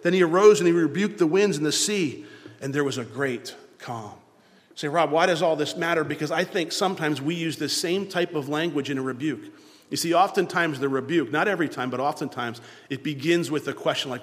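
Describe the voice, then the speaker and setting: A man preaching a sermon in a church, swinging between loud, emphatic lines and hushed ones. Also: on the high side, normal speed, big-room sound. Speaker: pastor.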